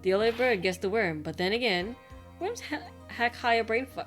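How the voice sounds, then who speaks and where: A woman's voice: on the high side, normal speed, soft background music, voice pushed up, lightly acted. A woman voicing a jolly old male clown in a folksy, hearty way while reading game dialogue.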